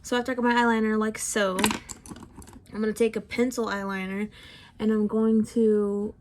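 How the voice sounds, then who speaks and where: A young woman talks through her makeup routine in a relaxed, chatty way, joking about herself as she goes. She is heavily pregnant and audibly short of breath, sighing between sentences. It sounds like a home recording made on a camera in front of her. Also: mid-range voice, normal speed, a little hiss or hum. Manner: chatty and self-deprecating, with frequent sighs. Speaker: beauty vlogger. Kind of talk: casual makeup tutorial chat.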